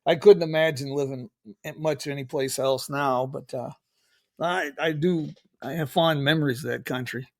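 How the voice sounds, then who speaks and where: A middle-aged man hosting an interview, rambling with many pauses and restarts. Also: a little high, steady tone, no echo. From United States. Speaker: host. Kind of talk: casual interview chat.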